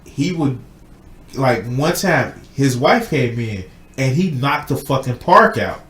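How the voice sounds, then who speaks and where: A man hosting a loose podcast chat, retelling a story with plenty of cursing. His pitch moves in lively swings and he slips into acted-out quotes. The room is echoey. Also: slow. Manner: animated, swearing, acts out quotes. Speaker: podcast host. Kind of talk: casual chat retelling a film plot.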